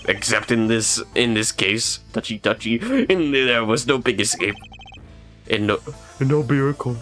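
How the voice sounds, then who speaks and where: A man's voice: medium pitch, normal speed, a bit bright, faint music behind. A man casually commenting on a video game while streaming, playful and giggly, reading game lines aloud.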